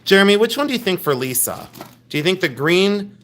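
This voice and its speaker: A man's voice: sits high, very animated, fairly quick, a bit bright, slight background noise. Chatty man hosting a live jewelry sale. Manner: chatty, rambling, jokey and affectionate toward viewers. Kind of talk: casual live sales stream.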